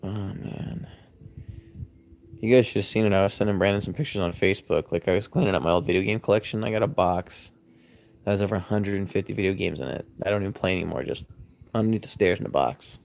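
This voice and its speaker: Speaking quickly in a low, gravelly voice with a darkish tone, this livestream host chats from his loft at home into a phone camera. He's sleepy and keeps yawning while he rambles and responds to comments from viewers.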